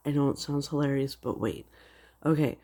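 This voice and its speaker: A woman with a very deep, warm voice casually retells her dreams in a religious vlog, speaking at normal speed. Her storytelling rambles, packed with "like" fillers.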